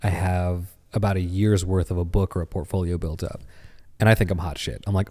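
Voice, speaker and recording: Deep-voiced man telling a story. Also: brisk, long reverb tail. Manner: animated storyteller. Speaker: podcast guest. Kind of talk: casual chat.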